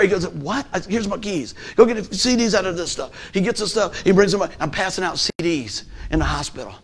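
Man giving a testimony, high pitched voice, storytelling, loud then hushed. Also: animated, quick pace, hardly any pauses. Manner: storytelling with acted-out quotes, swings from loud to hushed. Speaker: gospel musician giving testimony. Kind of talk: animated testimony sermon.

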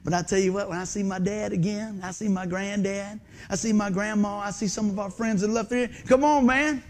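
Animated high-voiced pastor. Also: male voice, brisk. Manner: animated, swings from hushed to excited exclamations. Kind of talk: lively storytelling sermon.

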